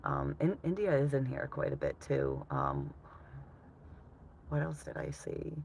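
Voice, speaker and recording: A woman's voice: rumbling low, huge pitch swings, unhurried, gravelly, a little mellow, a little hiss or hum. A woman live streaming, chatting casually with her viewers, laughing often and swearing freely.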